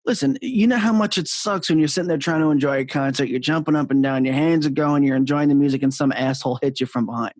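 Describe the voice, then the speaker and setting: A man who works as a radio on-air personality, telling concert anecdotes in relaxed podcast chat and laughing easily. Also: fairly high pitch, fast, few pauses, dry recording.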